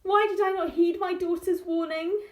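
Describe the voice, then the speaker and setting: A woman voicing a flustered, greedy village mother in a storybook, crying out high and loud. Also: fairly even intonation, normal speed, reverberant. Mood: panicked.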